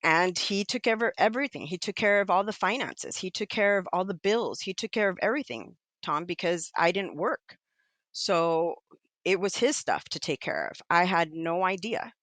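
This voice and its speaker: A middle-aged woman guest telling her own story candidly, animated and acting out the voices of people she quotes. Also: fairly low pitch, moderate pace, no room sound. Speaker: podcast guest.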